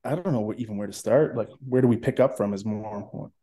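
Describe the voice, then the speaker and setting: A man appearing as a podcast guest, talking casually in a relaxed, halting way and laughing easily. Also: on the low side.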